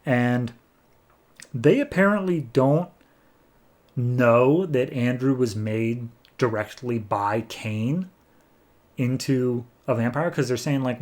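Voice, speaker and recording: A man's voice: mid-range voice, takes it slowly, pauses often, a little mellow. A man hosting a comic book podcast, walking through a story in a loose, rambling manner. He fills his sentences with "like" and talks in an ordinary mid-range voice. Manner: loose and rambling, heavy use of "like". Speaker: podcast host. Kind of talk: casual comic book recap.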